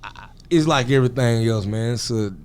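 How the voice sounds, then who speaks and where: A man's voice: medium pitch, normal speed, a little mellow, soft background music. Laid-back man telling stories. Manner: laid-back, storytelling, slangy. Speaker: interview guest. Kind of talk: casual interview talk.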